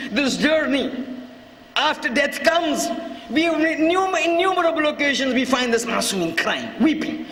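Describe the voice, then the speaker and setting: A man delivering an impassioned mourning sermon as a religious lecturer, often shouting and weaving in Arabic quotations. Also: very high-pitched. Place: large lecture hall at a religious gathering. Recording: echoey hall with long reverb, faint hiss.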